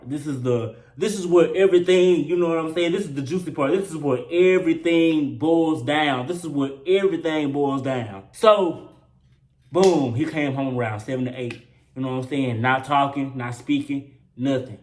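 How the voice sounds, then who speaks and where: Young male vlogger, loose profane storytelling, repeats himself for punch, slightly high voice, roomy echo. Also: moderate pace, a little mellow. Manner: profane, slangy, repeats lines for emphasis. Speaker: vlogger telling a personal story. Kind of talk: casual storytime monologue. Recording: roomy echo with faint hum.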